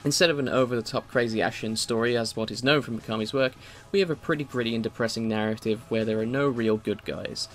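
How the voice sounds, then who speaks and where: A man's voice: medium pitch, fairly even intonation, fast. A man reading a scripted video game review as a voice-over, with wry, opinionated asides.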